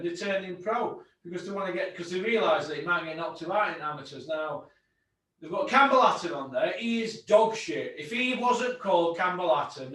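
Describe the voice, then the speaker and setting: A man's voice: sits high, a bit bright. A man hosting a boxing podcast, blunt and sweary, ranting about fights. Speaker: host. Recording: very echoey room, distant mic.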